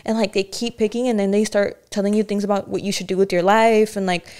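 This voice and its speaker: A woman's voice: medium pitch, little pitch movement, fast, darkish tone, smooth. A young woman co-hosting a casual podcast chat, talking in a candid, rambling, self-reflective way with many restarts. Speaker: podcast co-host.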